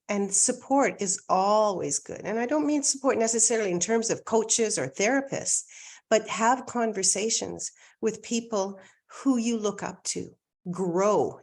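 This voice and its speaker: A woman from Canada, a life coach, talking in an energetic, emphatic way and repeating key phrases for effect. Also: mid-range voice, vocal fry. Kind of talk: casual conversation.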